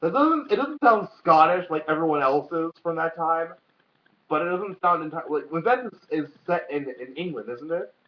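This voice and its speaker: A man's voice: a little high, expressive, normal speed. Rambling young man with lo-fi sound. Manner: rambling, swears freely, lots of fillers. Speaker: vlog co-host. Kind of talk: casual chat. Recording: dull lo-fi sound.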